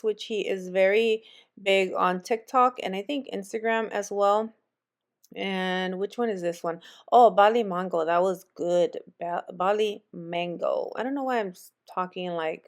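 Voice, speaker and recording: A woman vlogger chatting casually with viewers as she walks through a shop and shows them what's on the shelves. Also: medium pitch. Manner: chatty, friendly, addresses viewers as friends. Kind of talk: casual store walk-through chat. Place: retail store.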